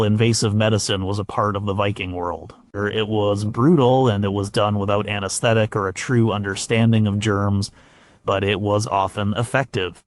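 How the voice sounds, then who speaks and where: A man narrating a scripted history documentary in a measured way, with occasional stumbles and fillers. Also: fairly low pitch, no room sound.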